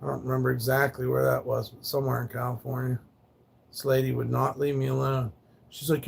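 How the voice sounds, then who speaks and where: A man's voice: medium pitch, little pitch movement, fairly quick, gravelly, breathy edge. A man telling rambling, profane stories on a casual livestream, laid back and loose. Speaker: live streamer.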